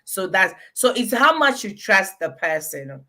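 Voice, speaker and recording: A woman with a Ghanaian accent, guest on a casual talk show, telling animated stories and often breaking into laughter. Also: medium pitch, unhurried.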